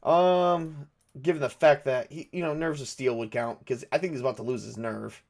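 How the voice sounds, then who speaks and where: A man's voice: medium pitch, moderate pace, gravelly. A man narrating a solo tabletop game, thinking aloud with frequent hesitations and fillers. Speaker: game master and solo player.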